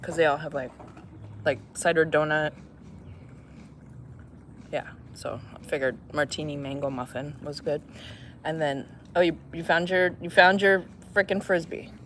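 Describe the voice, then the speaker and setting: A woman's voice: sits low, steady tone, a little slow, pauses often, fairly bright tone, a little hiss or hum. Chatty woman vlogging outdoors. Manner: chatty, talks to a dog between asides. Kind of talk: casual vlog chat.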